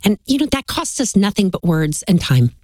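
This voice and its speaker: A woman comedian talking as a guest in a podcast conversation, self-deprecating and quick to laugh. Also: mid-range voice, very animated, a little mellow, no echo. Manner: self-deprecating humor, quick to laugh, acts out other people's lines.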